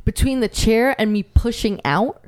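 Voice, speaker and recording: A woman telling a story in casual podcast chat, animated, acting out other people's lines and often laughing. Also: fairly high pitch, moderate pace.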